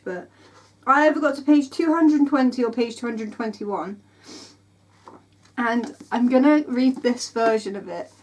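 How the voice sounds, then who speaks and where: Young woman, book vlogger, rambling and emotional, slightly high voice, tired and sore. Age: 20s. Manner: rambling, emotional, full of "like"s and restarts. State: tired and in pain. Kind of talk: casual vlog chat.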